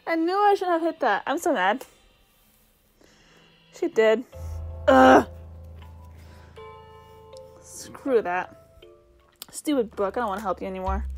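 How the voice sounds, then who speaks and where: A woman's voice: a little high, measured pace, long pauses. A young woman playing a game and commenting as she goes, reading its text aloud and mocking herself in exasperated mutters. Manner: self-deprecating, exasperated muttering. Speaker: gamer. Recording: faint game music behind.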